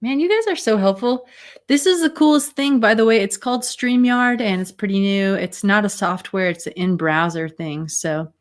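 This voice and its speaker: A woman's voice: medium pitch, normal speed. A woman hosting a casual livestream chat over a video call, rambling with fillers and giggles. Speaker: host.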